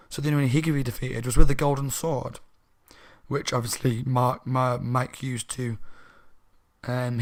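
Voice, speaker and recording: A slightly drunk man casually recapping a children's horror book for his channel, rambling and correcting himself as he goes. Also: medium pitch. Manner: rambling, chatty, self-correcting. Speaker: book reviewer, channel host.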